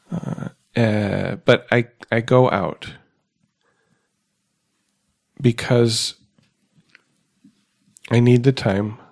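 A man hosting a recovery podcast, talking in a slow, halting, thoughtful way. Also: medium pitch, fairly even intonation, gravelly. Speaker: podcast host. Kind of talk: casual recovery podcast chat.

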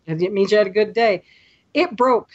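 Woman telling lively travel stories. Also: mid-range voice, moderate pace, lo-fi sound. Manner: lively storyteller, acts out quotes. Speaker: podcast guest, photography tour leader. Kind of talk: casual podcast chat.

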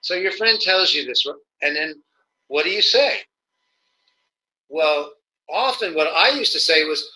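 Guy with a real bright voice, kinda high, explaining stuff on a podcast, lots of stumbles and little acted-out examples. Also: animated, rough recording. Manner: halting, many restarts, acts out quoted examples. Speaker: guest, nonviolent communication educator. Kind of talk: conversational interview.

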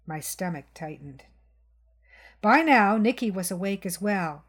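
A woman reading a crime short story aloud in a measured narration. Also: mid-range voice, animated. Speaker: reader.

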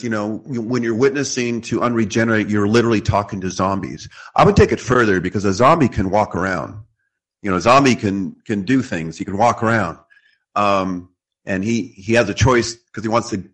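A man's voice: fairly low pitch, a bit bright. A man earnestly explaining scripture in a theological discussion, quoting verses as he goes.

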